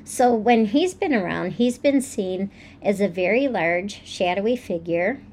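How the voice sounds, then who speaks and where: A woman co-hosting a podcast, telling stories in a relaxed way with fillers. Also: mid-range voice, unhurried, slight background noise. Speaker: podcast co-host. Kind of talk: casual storytelling chat.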